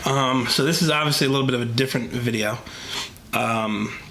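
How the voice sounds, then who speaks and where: Young male vlogger, congested from a cold, bright edge to the voice, earnest and rambling. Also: mid-range voice, a little fast, gravelly, a little hiss or hum. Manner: earnest, rambling with many fillers. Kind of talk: casual talk to camera. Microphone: camera mic, talking to camera.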